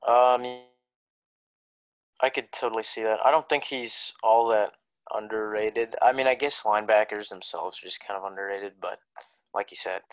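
A man's voice: on the low side, fairly even intonation, normal speed, low-quality recording. A young man co-hosting a casual sports podcast, laid-back and jokey, rambling a little. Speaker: podcast co-host.

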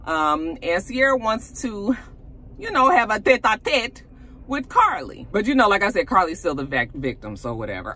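A woman's voice: lowish voice, sing-song, moderate pace, pushed and bright. A woman casually recapping a reality TV episode, chatty and sassy, with "you know" asides and laughs as she talks.

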